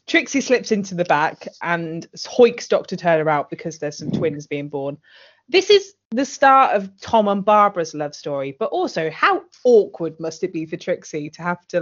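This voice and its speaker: A woman with a lowish voice and big pitch swings co-hosts a podcast recapping a TV drama, talking at a moderate pace. Sweary and blunt, she laughs a lot and performs quotes in a casual chat heard through dull lo-fi audio.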